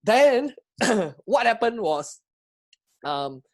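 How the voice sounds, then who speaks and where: A man with a Singaporean English accent, telling a travel story to camera in an excitable, chatty way and asking his viewers questions. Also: high voice, drawn-out words. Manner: excitable, chatty, asks viewers questions, frequent laughs and restarts. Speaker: travel vlogger. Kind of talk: animated personal storytelling to camera.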